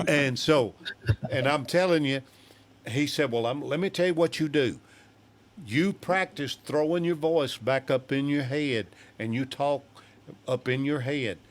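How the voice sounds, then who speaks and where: An older man, a guest singer telling a story in an animated way and acting out other people's voices. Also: fairly high pitch, measured pace. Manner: animated, acts out quoted voices. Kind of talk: storytelling in a studio chat.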